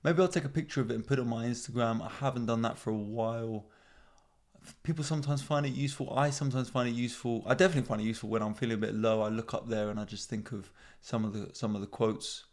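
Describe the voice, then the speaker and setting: Man in his thirties, podcast host, gravelly voice, rambling, self-mocking, casual swearing. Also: medium pitch. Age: 30s. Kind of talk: casual comedic monologue.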